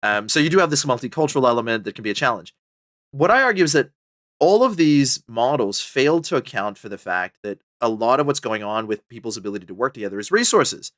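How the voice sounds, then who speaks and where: Male author-guest, mid pitch, lively and chatty, dry close podcast mic. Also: fast, dry recording. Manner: animated, chatty, full of fillers and pitch jumps. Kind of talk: casual conversational interview.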